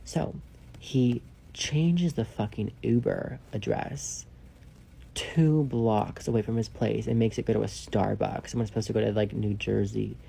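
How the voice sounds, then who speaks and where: A man telling a casual storytime, rambling and swearing, leaning on "like" and dropping into hushed asides. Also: lowish voice, steady tone, a little slow, vocal fry, slightly rough. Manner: rambling, profane, heavy use of "like"; drops to a hushed whisper for asides.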